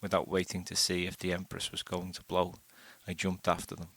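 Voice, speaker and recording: A man reading a first-person short story aloud in a steady, unhurried way. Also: deep voice, slightly rough, no room sound. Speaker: audiobook narrator.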